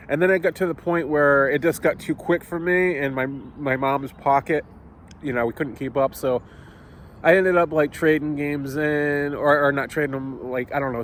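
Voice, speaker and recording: A man vlogging a casual, rambling story, swearing often and getting heated as he talks. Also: on the high side.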